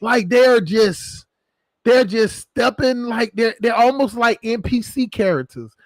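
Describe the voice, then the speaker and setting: High-voiced man joking crudely on stream. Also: animated, unhurried, no echo. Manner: crude, joking, laughs often. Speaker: stream host. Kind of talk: casual chat.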